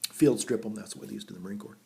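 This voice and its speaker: Out by a vineyard, this US priest and pipe vlogger speaks very fast in a lowish, creaky voice with a warm tone, laughing at his own folksy, meandering anecdotes. A little background noise can be heard in this casual vlog.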